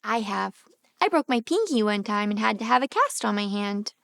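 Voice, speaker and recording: A woman speech therapist reading a picture book aloud to small children, gently animated and asking them questions as she goes. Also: mid-range voice, normal speed, gravelly, dry recording, clean studio sound.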